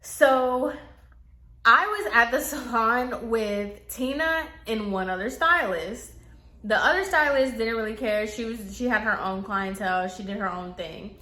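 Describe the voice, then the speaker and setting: A woman's voice: fairly high pitch, measured pace, sharp tone. A woman telling a casual storytime about a coworker, chatty and full of fillers. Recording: echoey room.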